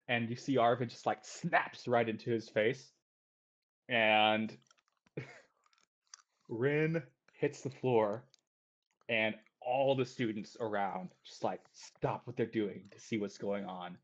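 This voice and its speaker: Man game master narrator, casual, mid pitch, dull lo-fi sound. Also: fairly even intonation, takes it slowly. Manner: filler-heavy, casual. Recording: dull lo-fi audio.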